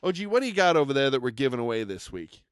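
A man's voice: mid-range voice, sing-song, rapid-fire, clear, resonant tone, dry recording, clean studio sound. An enthusiastic man co-hosting a casual podcast, rambling a bit as he hypes collectible toys and products.

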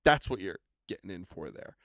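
A man's voice: low-pitched, sing-song, brisk, creaky, fairly bright tone, no room sound, studio quality. An enthusiastic man co-hosting a casual podcast, rambling a bit as he hypes collectible toys and products.

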